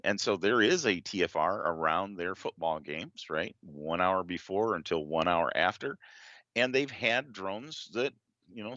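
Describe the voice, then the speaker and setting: A male guest explains things earnestly in a very low voice with a bright edge. The sound is dry and somewhat dull, like lo-fi stream audio. He fills his talk with ums and you-knows. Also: no echo. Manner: earnest, explanatory, many fillers. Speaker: guest drone legal advocate. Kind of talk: casual interview talk.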